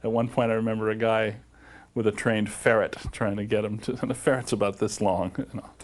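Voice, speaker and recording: A man's voice: fairly low pitch, steady tone, fairly quick. A man in an interview recalling how a film was made, thoughtful and hesitant. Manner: reflective, hesitant with fillers. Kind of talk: interview recollection.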